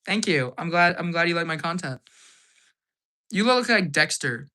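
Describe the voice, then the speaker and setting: A hyper man chatting on a casual live stream, his voice bright and slightly hoarse. He answers viewer questions quickly and laughs often. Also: on the high side, expressive.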